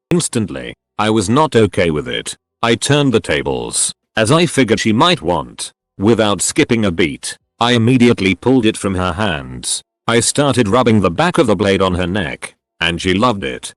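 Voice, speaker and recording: Man, low voice, lively intonation, scripted story narration, matter-of-fact delivery, dry recording. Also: no echo.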